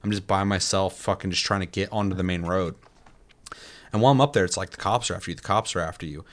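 A man with a lowish voice tells a rambling, profane story about a video game in relaxed conversation. He speaks casually, with bursts of excitement and frequent swearing. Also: fast talker. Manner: animated storytelling, heavy swearing. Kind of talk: casual gaming chat.

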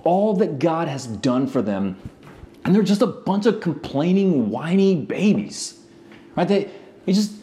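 A man's voice: on the high side, big pitch swings, measured pace, dark tone, slight background noise. A male pastor preaching in a conversational, storytelling way, with frequent asides to the congregation. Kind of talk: sermon.

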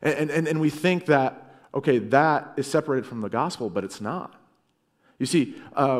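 A man preaching a sermon as pastor, earnest, rising to loud emphasis and dropping to quiet low lines.

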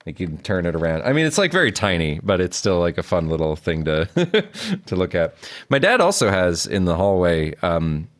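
A man's voice: sits low, big pitch swings, normal speed. A young man co-hosting a casual film commentary chat, rambling with lots of fillers and frequent giggles. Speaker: podcast co-host.

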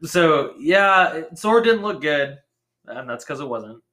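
A young man with a bright, forceful voice, talking a little higher than most men. He co-hosts a podcast in loose, profane chat, laughing often and leaning on filler words. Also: animated, slow. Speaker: podcast co-host. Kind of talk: casual chat.

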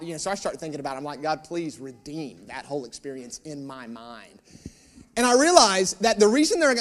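A man preaching a sermon, telling a personal story and acting out the dialogue with humor, asking the audience questions. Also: high-pitched. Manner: animated storyteller, acts out dialogue; joking, addresses audience with questions.

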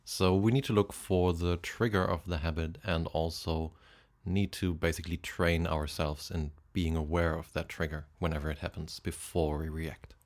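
A man's voice: low voice, fairly even intonation, moderate pace. A man interviewing a guest, asking short questions and summarizing answers.

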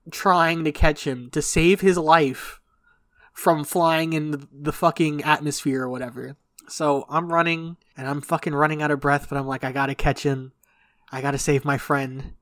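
Young guy rambling thru a story, swears a lot, kinda high voice, dry mic. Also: fairly even intonation, unhurried, fairly bright tone, no room sound. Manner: rambling, profane, laughing storyteller. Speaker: podcast co-host. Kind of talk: casual storytelling chat.

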